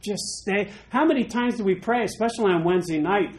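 Animated male pastor preaching. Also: a little fast, few pauses, low-quality recording. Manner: animated, acts out quoted voices with big jumps in pitch and loudness. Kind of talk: informal midweek sermon.

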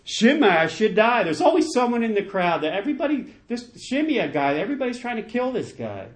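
A man's voice: very high-pitched, big pitch swings, fast talker. A male pastor preaching a sermon, enthusiastic and emphatic, with lots of repetition.

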